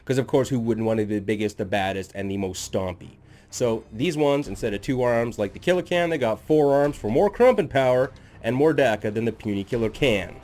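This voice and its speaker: A man's voice: medium pitch, expressive, fairly quick, a little mellow. Male host, sardonic comedic lore narrator, mid-range voice, jokey and self-mocking.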